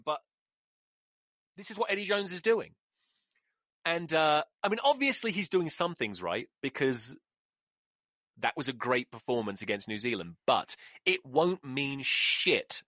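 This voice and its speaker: A man's voice: sits high, lively intonation, normal speed, fairly bright tone, dry recording, clean studio sound. A man, hosting a solo podcast and ranting with profanity and sarcasm. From England. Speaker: podcast host. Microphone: close mic.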